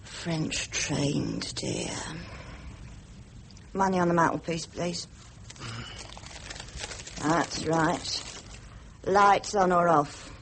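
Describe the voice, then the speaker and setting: An actress playing a brisk, worldly prostitute with a blunt, mocking, businesslike manner, in 1950s radio drama style. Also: female voice, on the low side, creaky, fairly bright tone, a little hiss or hum, exaggerated voice, poor audio. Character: brisk worldly London prostitute, middle-aged woman.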